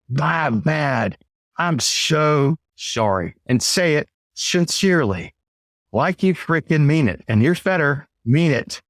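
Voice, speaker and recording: A man's voice: medium pitch, no echo, studio quality. A man telling a work story as a sales trainer in a casual monologue, blunt and emphatic, with mild cursing and frequent "right?" asides. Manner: conversational, often asks "right?".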